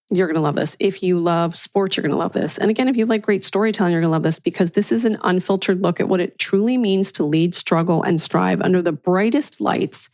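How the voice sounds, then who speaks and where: A woman's voice: on the low side, darkish tone, no room sound. A woman hosting a podcast, reading an enthusiastic scripted intro and then interviewing a guest. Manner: enthusiastic, upbeat. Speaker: podcast host.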